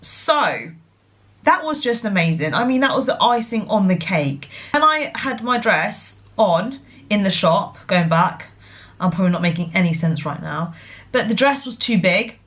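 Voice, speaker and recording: A young woman, chatting casually to her viewers as a vlogger, excitable and full of fillers and restarts. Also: medium pitch, moderate pace. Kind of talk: casual chat.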